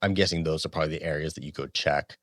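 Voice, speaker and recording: A man narrating as game master of a tabletop role-playing game, relaxed and halting. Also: rumbling low, dry recording.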